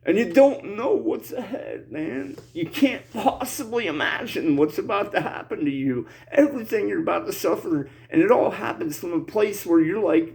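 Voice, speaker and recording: A man's voice: high-pitched, expressive, normal speed, gravelly, hardly any pauses, a little mellow, poor audio. A man in his forties delivering a heated, profane vlog rant, rambling and repeating himself, peppering every line with "bro" and "dude.". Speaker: vlogger.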